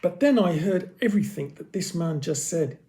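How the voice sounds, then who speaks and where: A man doing a stern, fair storybook guard, mellow, slightly high voice. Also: expressive, moderate pace. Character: stern male tomb guard, fair-minded.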